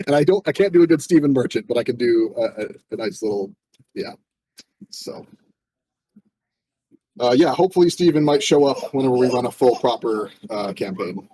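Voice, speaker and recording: A man's voice: medium pitch, normal speed, pauses often, husky, low-quality recording. A man in a casual chat after a tabletop session, rambling a little and using plenty of fillers as he talks through the game. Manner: relaxed, rambling with many fillers. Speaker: game master.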